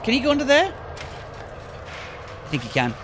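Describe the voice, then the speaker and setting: A man with a high voice commenting on a horror game as he plays, swinging wildly up and down in pitch. He swears freely and jumps between quiet mutters and loud yells, recorded on a gaming headset with a faint hiss behind him. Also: wildly swooping pitch, moderate pace. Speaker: gaming video creator. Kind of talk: gameplay commentary.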